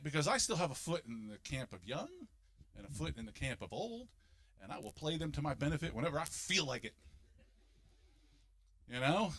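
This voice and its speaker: A fifty-something man works a stand-up set, his voice swinging widely up and down. His tone is bright and forceful, and he leaps into loud, overblown voices to sell the jokes. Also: fairly high pitch. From Philadelphia, United States. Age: 50s. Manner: animated, jumps into loud exaggerated voices for punchlines. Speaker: stand-up comedian.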